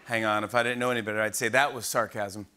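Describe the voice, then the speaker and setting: A man's voice: on the low side, little pitch movement, fast, very noisy. A man in his forties hosting a late-night comedy monologue, giggling at his own jokes. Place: TV studio with live audience. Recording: broadcast with loud audience laughter.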